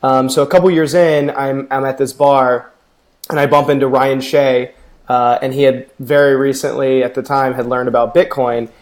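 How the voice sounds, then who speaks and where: A male founder is a guest on a podcast and gives an easy, upbeat account of his career. His voice sits at a middle pitch and he speaks fluently. He sounds ready to explain his work. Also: flat delivery, normal speed. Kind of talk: podcast interview.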